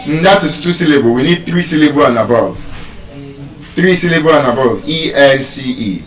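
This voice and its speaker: A man's voice: mid-range voice, lively intonation, normal speed, soft background music. A man with a Nigerian accent teaching pronunciation in a live lesson, stretching out and repeating example words. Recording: echoey room, far from mic.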